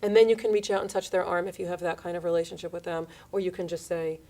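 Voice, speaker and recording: Radio host, woman in her thirties or forties, chatty and animated, pitching up and down to act out quoted lines. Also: quick pace. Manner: animated, acts out quoted lines in shifting voices. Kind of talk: casual radio chat.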